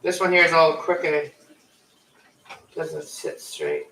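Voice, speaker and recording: A man's voice: fairly high pitch, huge pitch swings, takes it slowly, pushed and bright. A man rambling casually to a live chat as he cooks in his home kitchen, with a camera mic set away from the stove. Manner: rambling, self-correcting, chatty. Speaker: cooking vlogger. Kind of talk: casual live-stream chat while cooking. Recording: echoey kitchen, distant camera mic, faint noise.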